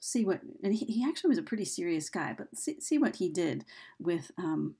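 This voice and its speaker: Husky, creaky-voiced woman teaching. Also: on the low side, very animated, brisk, warm tone. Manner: casual, chatty explaining with frequent fillers. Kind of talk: recorded video lesson.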